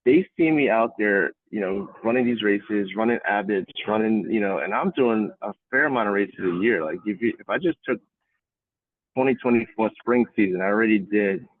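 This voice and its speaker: A man running coach telling stories in an interview, animated and acting out what others say. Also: fairly low pitch, normal speed, dry recording. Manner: animated storytelling, acting out quotes. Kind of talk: casual interview answer. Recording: tinny phone-like line.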